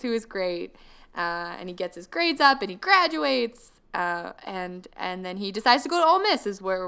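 A woman's voice: medium pitch, sharp tone, clean tone. A woman co-hosting a podcast, chatting casually about a movie with lots of "like" fillers. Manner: chatty, many "like" fillers, acts out quotes. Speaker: podcast co-host. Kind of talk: casual chat recapping a movie.

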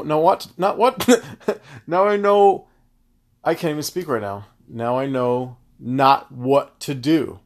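A man hosting a casual solo podcast, rambling through tangents in a loose, profane, animated way. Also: mid-range voice. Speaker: podcast host.

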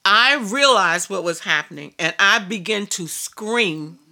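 Bright-voiced woman preaching. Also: mid-range voice, expressive, unhurried. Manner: emphatic, repetitive storytelling. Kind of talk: sermon testimony.

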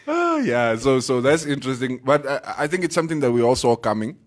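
A man's voice: medium pitch, big pitch swings, fast, hardly any pauses. A young Namibian man hosting a morning radio show, chatting casually, joking, laughing often and dropping in Afrikaans words. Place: radio studio.

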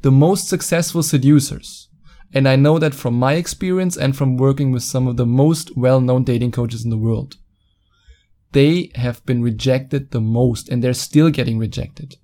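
Man, German accent, podcast host, blunt, sweary, mocking, mellow dark voice, studio mic. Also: medium pitch, steady tone, moderate pace. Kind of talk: solo podcast monologue. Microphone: studio microphone.

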